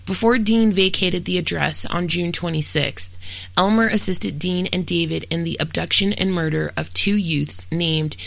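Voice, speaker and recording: Creaky, dry true-crime narrator. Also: mid-range voice, no room sound, low-quality recording. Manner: steady, matter-of-fact reading, blunt and profane when ad-libbing. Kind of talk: scripted true-crime narration with casual asides.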